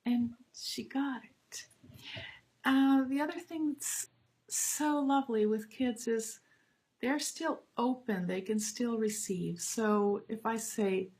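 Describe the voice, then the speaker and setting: Enthusiastic woman voice teacher talking. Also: on the high side. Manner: warm, enthusiastic and expressive, with soft asides. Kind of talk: casual spoken talk on teaching.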